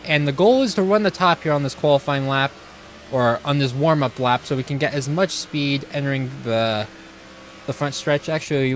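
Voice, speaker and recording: Man, live racing-game streamer, casual, eager, slightly high, faint noise. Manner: eager, casual, talks to chat. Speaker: gaming streamer. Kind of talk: live gameplay commentary.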